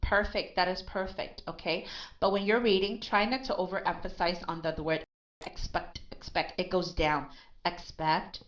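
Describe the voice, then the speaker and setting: A woman teaching English pronunciation, repeating words slowly and correcting her student, with Vietnamese as her first language. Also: fairly low pitch, fairly even intonation. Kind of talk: online pronunciation lesson. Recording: dull lo-fi sound.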